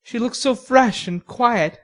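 A woman's voice: fairly high pitch, slow pace, a bit bright, pitched above the performer's own voice. A woman voicing a shy, polite teenage boy with a pleasant, slightly formal manner in a storybook reading. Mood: friendly.

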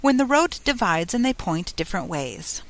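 A woman's voice: medium pitch, sing-song, normal speed, no room sound. A woman voicing a curious young girl who muses aloud and rambles in a storybook reading. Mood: determined. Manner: musing aloud, rambling, eager.

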